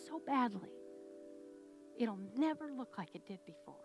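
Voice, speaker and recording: Middle-aged woman preacher, high voice, chatty storytelling sermon, faint music under. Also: a little fast, long pauses. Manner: animated, conversational storyteller who laughs while talking.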